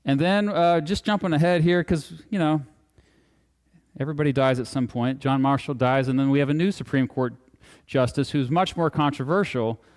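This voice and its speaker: A man talks to a live audience in a hall, and his voice rings out with a long reverb. His tone is smooth and resonant and sits a little high for a man. His delivery is casual and animated, full of jokes and asides. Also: normal speed. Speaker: guest speaker. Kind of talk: live public lecture.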